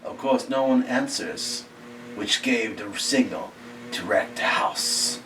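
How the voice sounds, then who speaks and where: A man reading a scary short story aloud in a slow, halting way, often dropping to a hushed near-whisper. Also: medium pitch. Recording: distant mic with faint background hiss.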